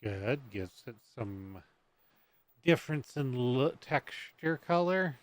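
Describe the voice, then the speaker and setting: Slow-talking man muttering to himself. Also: medium pitch, animated, no room sound. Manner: mutters and hums to himself while building. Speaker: streamer. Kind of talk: casual gameplay commentary.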